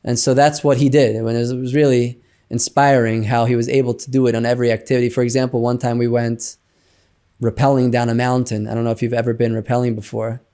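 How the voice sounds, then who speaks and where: A man in an interview, telling a personal story in a chatty, animated way with many fillers like "you know". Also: medium pitch, fast. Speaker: interview guest.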